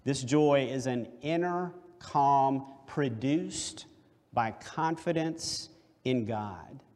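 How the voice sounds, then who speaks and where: A man preaching a sermon, deliberate and emphatic, with rhetorical questions. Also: mid-range voice, darkish tone. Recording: long hall reverb.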